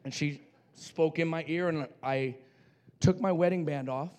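Animated storytelling preacher man. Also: on the high side, a little slow. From New Mexico. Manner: animated, swings from quiet asides to shouting; playful, acts out voices in his stories. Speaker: pastor. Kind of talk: storytelling sermon.

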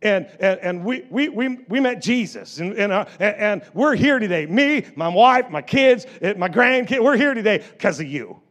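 High-voiced stammering man preaching a sermon. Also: lively intonation, normal speed, hardly any pauses. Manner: stammering restarts, swings from quiet storytelling to loud exhortation. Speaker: pastor. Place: church.

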